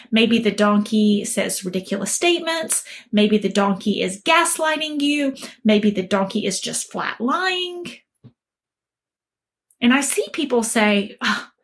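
A woman relationship coach giving an upbeat, motivational talk and telling a story along the way. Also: fairly high pitch.

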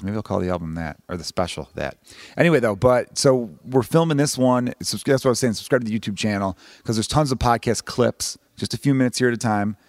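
Man, 30s, comedian podcast host, low voice, fast rambling chatter, dry close sound. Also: a little mellow, no room sound. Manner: fast, rambling, self-deprecating with swearing. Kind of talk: casual solo podcast monologue. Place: home room.

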